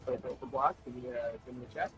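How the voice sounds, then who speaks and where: A man's voice: medium pitch, steady tone, fast talker, noisy background. A man acting as game master, describing combat and asking for rolls in a casual, laughing way. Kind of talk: narrating a tabletop game.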